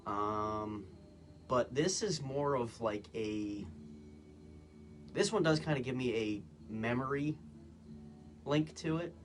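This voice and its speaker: A man casually reviewing products on a phone livestream, talking in a relaxed, hesitant way with many "um"s and "again"s. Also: medium pitch, slow, long pauses, slight background noise. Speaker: guest co-presenter, husband. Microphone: phone, live stream.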